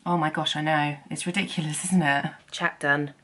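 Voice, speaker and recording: A woman in her thirties chats casually in a home vlog, self-deprecating and occasionally dropping to a whisper. Her voice sits low and a bit bright, with fairly even intonation at a moderate pace.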